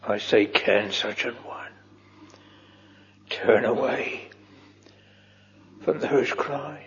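A man preaching a solemn old-fashioned sermon in a church, slow and earnest, dropping at times to a hushed whisper. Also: medium pitch. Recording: muffled old church recording with long reverb.

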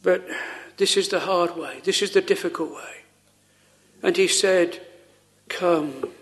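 A man preaching a solemn, earnest sermon with slow pauses, quoting old scripture. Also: sits high, a bit bright.

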